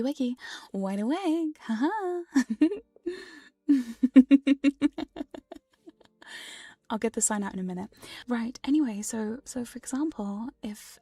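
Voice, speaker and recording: Breathy whispering woman, ASMR streamer. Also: mid-range voice, warm tone. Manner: playful, giggly, frank.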